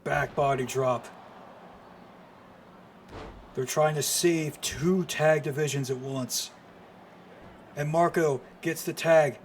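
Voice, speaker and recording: Excitable man calling wrestling play-by-play. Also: a little high, slow pace, long pauses, a little hiss or hum. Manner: excitable, frequent exclamations. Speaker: streamer commentator. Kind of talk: live wrestling play-by-play commentary.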